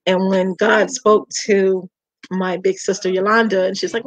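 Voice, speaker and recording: A middle-aged woman from Georgia with a Southern accent, hosting her food page in a warm, chatty welcome talk that repeats words for emphasis. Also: medium pitch, flat delivery, a little slow, no room sound, low-quality recording. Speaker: home cook and food page host. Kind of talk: casual heartfelt welcome chat.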